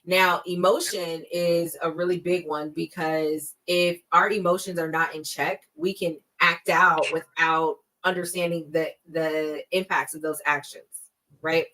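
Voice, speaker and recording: A woman's voice: lowish voice, flat delivery, pushed and bright, poor audio. A woman in her thirties, a guest expert on a podcast, explaining fraud warning signs in an emphatic, conversational way. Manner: emphatic, acts out scam calls in quick bursts.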